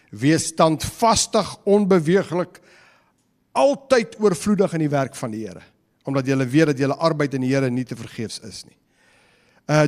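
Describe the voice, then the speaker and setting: Man preaching, Afrikaans South African accent, fairly high voice, chatty and joking, long church reverb. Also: a little mellow. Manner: chatty, joking, slips between English and Afrikaans. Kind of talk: conversational sermon. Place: church hall.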